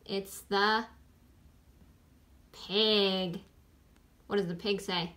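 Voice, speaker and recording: A woman who is a children's librarian, gently teaching a sing-along lesson for small children. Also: mid-range voice, very slow, long pauses. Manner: gentle, encouraging, sings with ukulele.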